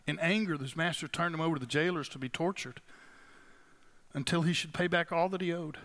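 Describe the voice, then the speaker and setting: A man delivers a sermon as the pastor, his voice sitting high and sounding clear and bright. He talks to the congregation in a relaxed, conversational way. He slows down and stresses the phrases he wants to land. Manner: conversational, emphatic preaching with slowed, stressed phrases.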